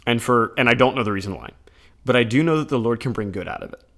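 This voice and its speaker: A man co-hosting a podcast, talking through scripture readings in an earnest, conversational way, with animated retellings. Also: mid-range voice, quick pace. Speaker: podcast co-host. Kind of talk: casual chat about scripture readings.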